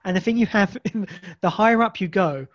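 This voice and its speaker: An English man with a fairly high voice talks loosely, circling back and restarting his sentences often. The sound is dull and lo-fi, like a modest home setup. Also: normal speed. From England. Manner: rambling, many restarts and fillers. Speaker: guest. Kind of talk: casual podcast conversation.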